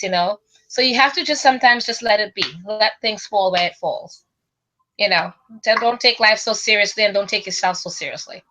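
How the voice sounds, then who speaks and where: A woman chatting casually on a spiritual talk show, animated and laughing as she talks. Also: medium pitch, a little fast, lo-fi sound. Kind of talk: casual chat.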